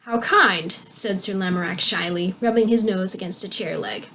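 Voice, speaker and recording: A young woman reading a children's book aloud as a storyteller, with clear, expressive narration. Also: mid-range voice, moderate pace, a little hiss or hum.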